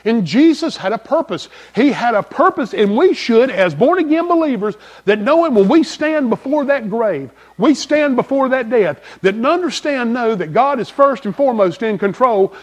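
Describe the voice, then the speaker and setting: High, lively-voiced preacher delivering a sermon. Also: male voice, moderate pace, hardly any pauses. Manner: emphatic, repeats key phrases, swings between loud and soft; folksy, conversational preaching. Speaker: pastor.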